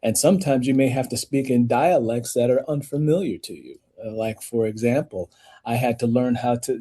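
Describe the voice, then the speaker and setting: Animated storytelling man with a mellow voice. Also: moderate pace, husky. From United States. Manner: animated storyteller, rising emphatic pitch when making points. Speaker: author and audiobook narrator. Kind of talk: podcast interview guest.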